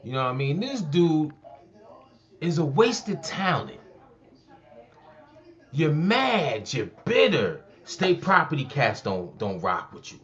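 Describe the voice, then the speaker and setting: A man's voice: on the high side, big pitch swings, slow, long pauses, lo-fi sound. A man hosting a commentary channel, talking bluntly and heatedly about a local rap feud. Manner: blunt, heated street talk. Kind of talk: casual commentary.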